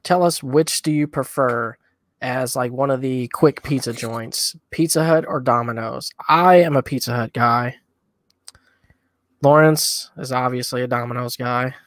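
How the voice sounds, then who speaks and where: A man co-hosting a podcast in a relaxed, rambling chat, eating hot wings between sentences. His voice sits at an ordinary pitch and is recorded close and dry, with no room sound. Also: a little slow, no echo. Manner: easygoing, rambling with fillers. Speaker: podcast co-host.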